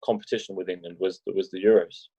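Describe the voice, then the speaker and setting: A man's voice: sits low, steady tone, fast talker, dark tone, husky, dry recording. A man talking as a podcast guest in casual interview chat, rambling with restarts and joking. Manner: rambling, many restarts and fillers, jokey. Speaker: podcast guest, wheelchair rugby league player. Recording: dull lo-fi podcast audio.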